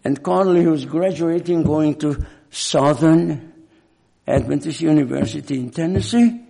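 An older man, not a native English speaker, preaching a sermon and telling a personal story, with a halting manner and frequent throat clearing. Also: on the high side, mellow.

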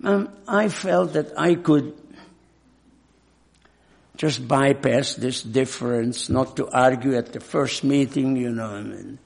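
Clearing his throat often, an older non-native English speaker tells a personal story in the course of a sermon, his delivery halting. He has a mid-range voice that sounds a little mellow.

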